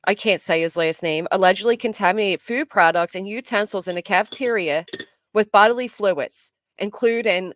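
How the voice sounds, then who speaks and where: A woman streaming live commentary, her voice sitting at an ordinary middle pitch. She swings between outraged exclamations and low muttering. The close mic sounds dry, with no room at all. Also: normal speed, a bit bright, no room sound.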